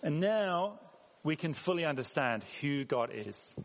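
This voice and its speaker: Delivering a sermon a little slowly, this Englishman has a slightly high voice with big swings in pitch. He speaks conversationally and questions his congregation, his words echoing around the church hall.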